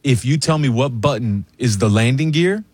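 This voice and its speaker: A man's voice: medium pitch, animated, normal speed, a little mellow, breathy edge, dry recording. A man co-hosting a talk show, trading playful quips in casual banter. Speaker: co-host.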